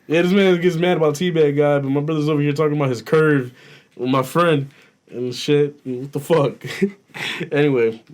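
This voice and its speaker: A young man co-hosting a podcast, telling a story in casual chat, animated and profane, laughing as he goes. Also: fairly high pitch, moderate pace. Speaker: podcast co-host.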